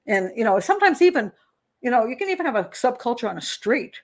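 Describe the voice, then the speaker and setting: She talks fast, her fairly high voice swinging widely in pitch, as she rambles through viewer comments on her live show. An older criminal profiler, she keeps it casual, sprinkling in fillers and little laughs.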